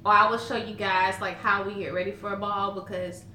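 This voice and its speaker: Bright-voiced Southern woman, chatty. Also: mid-range voice, level tone, brisk, slight background noise. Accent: Southern American. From Southern United States. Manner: chatty and folksy, laughs often while telling stories. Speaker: vlogger. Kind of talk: casual chat to camera. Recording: roomy echo.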